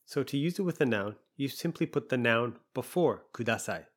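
A man teaching a language lesson, patiently explaining and repeating example phrases slowly. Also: medium pitch, animated.

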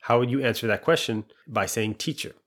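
Speaking a little fast at medium pitch, a language teacher explains his lesson patiently, step by step, posing quiz questions and then going through the answers.

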